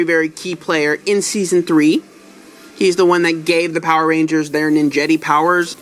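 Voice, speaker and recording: A man hosts a casual toy review in a chatty, easygoing way. He often pauses on fillers and apologizes for his own handiwork. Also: fairly high pitch, fairly bright tone. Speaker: toy reviewer, channel host.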